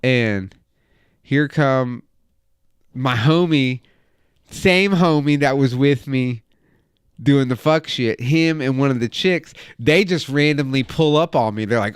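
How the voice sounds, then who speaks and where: A man's voice: mid-range voice, unhurried, clean tone, dry recording, studio quality. A man in his thirties telling a wild, profane story in casual chat as a podcast host. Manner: profane, animated anecdote telling.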